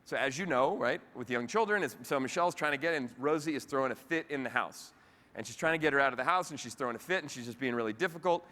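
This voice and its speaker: Bright-voiced man giving a keynote. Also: mid-range voice, fast. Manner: lively, conversational, addresses audience directly. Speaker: keynote speaker. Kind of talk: motivational keynote talk. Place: convention hall with live audience. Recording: reverberant convention hall.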